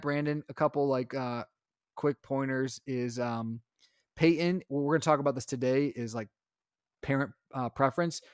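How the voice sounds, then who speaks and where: Casual storytelling dad, dry sound. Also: male voice, medium pitch, clear, resonant tone, no echo. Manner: animated storytelling, acts out his own lines. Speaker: podcast co-host, father. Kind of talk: casual chat.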